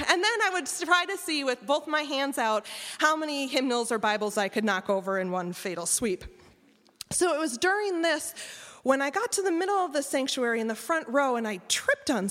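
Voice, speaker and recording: A woman's voice: a little high, long reverb tail. A woman host telling a wry personal story live to an audience on stage. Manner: wry, lively spoken storytelling.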